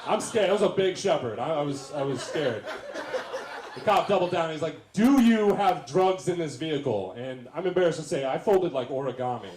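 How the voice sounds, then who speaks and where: A man telling a stand-up story on a live stage, his voice riding high and swinging widely as he acts out the other people in it. The room rings around him and an audience crowds the background. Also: a little fast, noisy background. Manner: animated storytelling with self-deprecating asides and acted-out quotes. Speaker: guest comedian. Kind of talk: stand-up set. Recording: roomy venue sound with crowd.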